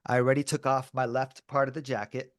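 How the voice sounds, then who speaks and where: A man's voice: mid-range voice, a little fast, no echo. A man co-hosting a podcast and telling a story in casual chat, with a mid-range voice. He acts out the other people's lines and often throws in dude and bro. The sound is close and dry. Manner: animated, acts out quoted dialogue. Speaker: podcast co-host.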